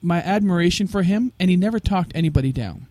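A man guest talking about his life as a musician in a casual interview, telling stories with lively acted-out quotes. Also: sits high, fast talker, no room sound. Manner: animated, acts out quoted voices.

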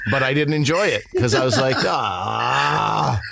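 A man chatting as a guest, telling lively stories about his family and his name. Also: mid-range voice, fast talker, crowd noise. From Pakistani family. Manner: animated, acts out other people's voices. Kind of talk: conversational storytelling.

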